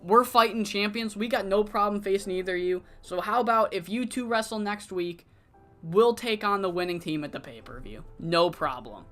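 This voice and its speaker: A streamer voicing a confident male wrestling champion who calmly lays out a challenge. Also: medium pitch, moderate pace, faint music behind, lightly acted. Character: confident male tag-team champion spokesman.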